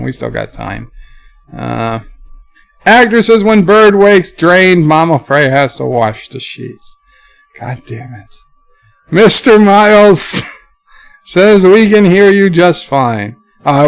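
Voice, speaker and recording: Male streamer, slightly high, smooth voice, reads chat up, answers low and offhand. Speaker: livestream host reading chat. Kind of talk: casual livestream chat.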